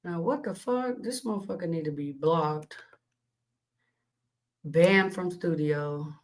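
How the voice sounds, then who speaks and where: A woman's voice: fairly low pitch, slow, rough recording. A young adult woman hosting a livestream, ranting bluntly to her chat with constant cursing and indignant questions. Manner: blunt, cussing, indignant, reads chat aloud. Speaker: livestream host. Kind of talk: heated profane rant to stream chat.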